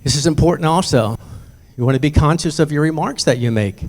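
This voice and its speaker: A man's voice: a little high, a little fast, darkish tone. An older man giving a conversational presentation to parents about bullying prevention, telling stories from his own life. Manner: conversational storytelling, acting out voices in anecdotes.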